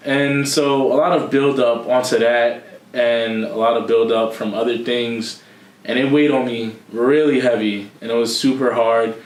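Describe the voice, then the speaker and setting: A young man from Philadelphia, a podcast co-host with that city's accent, telling a personal story in a candid, casual way, laughing and swearing freely. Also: medium pitch. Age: young adult. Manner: candid, laughing, loose with profanity. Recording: echoey room.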